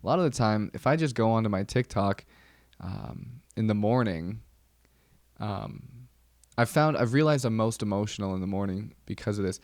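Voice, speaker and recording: Podcast host, young man, lower pitch, loose rambling delivery full of restarts, self-mocking humor. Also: expressive, normal speed, darkish tone, no room sound, clean studio sound. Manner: rambling, self-deprecating jokes, many ums and restarts. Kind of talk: casual solo podcast monologue.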